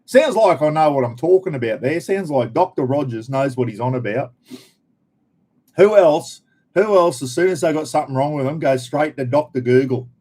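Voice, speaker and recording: A middle-aged man with a broad Australian accent hosts a relaxed live stream. He chats casually, greets viewers by name and swears lightly now and then. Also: a little high, moderate pace.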